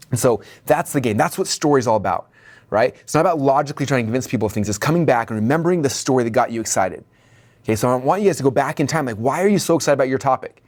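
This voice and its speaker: A man's voice: mid-range voice, animated, very fast, a little mellow. A man coaching a business training lesson with energy, checking in with "okay?" and "right?" and acting out the dialogue in his stories.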